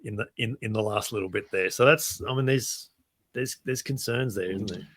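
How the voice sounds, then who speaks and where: A man's voice: on the low side, normal speed, fairly bright tone. A man co-hosting a rugby podcast, chatting casually and running through results with frequent restarts. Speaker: podcast co-host.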